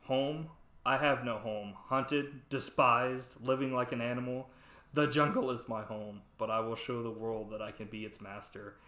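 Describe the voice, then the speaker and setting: A man's voice: medium pitch, fairly even intonation, moderate pace, sharp tone, natural voice. A man voicing an aging horror film star playing a brooding mad scientist, reciting in a grand theatrical way. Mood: grandiose. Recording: roomy echo.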